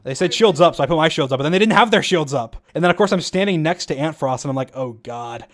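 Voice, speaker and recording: Chatty man with a highish voice. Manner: rambling, fast, many fillers, laughs often. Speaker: gamer commentating his own match footage. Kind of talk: casual commentary.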